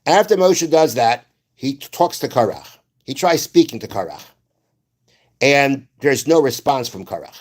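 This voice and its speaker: Un hombre da una clase religiosa como rabino y explica los versos con calma, citando textos antiguos y repitiendo frases para aclararlas. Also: male voice, mid-range voice. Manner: explains slowly, repeats phrases, quotes Hebrew verses. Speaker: rabbi. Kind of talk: Torah class.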